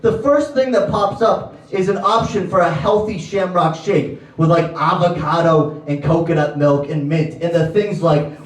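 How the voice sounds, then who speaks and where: A man's voice: sits high, moderate pace. A young man from Connecticut doing a profane, ranting stand-up set in a comedy club. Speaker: stand-up comic. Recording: echoey club from far off.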